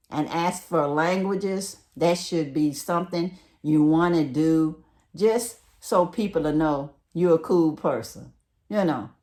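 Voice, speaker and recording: A middle-aged woman from the United States with a Southern accent, chatting casually to her viewers in a folksy way as she gives advice. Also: sits low. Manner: chatty, folksy, talks straight to viewers as "y'all". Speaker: vlogger giving relocation advice.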